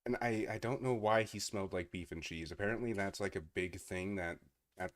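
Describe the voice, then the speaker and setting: Streamer, male, fairly low voice; casual incredulous reaction commentary. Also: normal speed. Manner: incredulous, often laughing in disbelief.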